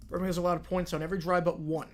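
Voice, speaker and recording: A man's voice: sits high, flat delivery, rapid-fire, slight background noise. A young man hosting a live stream, chatting casually with viewers and answering their questions, rambling and correcting himself, drowsy and yawning.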